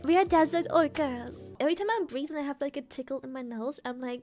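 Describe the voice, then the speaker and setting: A woman's voice: normal speed, darkish tone, faint music behind. A woman from Germany, chatting playfully on a live stream in a silly, sing-song way. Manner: playful, silly, jumps between squeaky and low voices. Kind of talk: casual live-stream chat.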